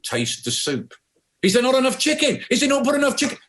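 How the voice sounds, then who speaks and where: A man's voice: very high voice, wildly swooping pitch, a bit bright, voice pushed up, full character voice. A man putting on the voice of a flustered restaurant waiter who fires off worried questions in a joke. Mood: panicked. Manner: panicky, rapid questions.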